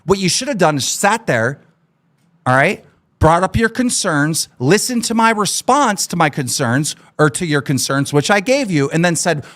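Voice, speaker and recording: A man hosting a live stream, ranting furiously with constant swearing and shouting. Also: high voice, expressive, moderate pace. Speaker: show host. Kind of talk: angry live-stream rant.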